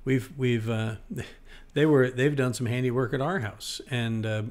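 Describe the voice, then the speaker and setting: A man's voice: medium pitch, steady tone, a little slow, a little mellow. Male radio co-host, casual and rambling, reads out listener questions. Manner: chatty, rambling with restarts. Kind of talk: casual radio call-in chat.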